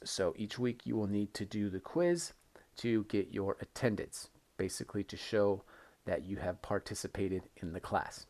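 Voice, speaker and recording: A man with a fairly low voice leads a recorded English lesson. He talks patiently and keeps repeating the key phrases, leaning on them for emphasis. He sounds like a teacher walking students through the basics. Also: a little mellow.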